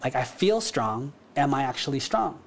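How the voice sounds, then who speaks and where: A man's voice: medium pitch, very animated, moderate pace, creaky. A man doing a frightened young prince. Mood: inward. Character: frightened sixteen-year-old prince thinking to himself.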